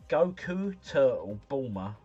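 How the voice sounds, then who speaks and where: A man's voice: mid-range voice, very animated, takes it slowly, warm tone, husky, dull audio. A man hosting a casual livestream, talking himself through answers in a chatty, slangy ramble. Faint music runs behind him. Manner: chatty, musing aloud, slangy. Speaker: livestream host.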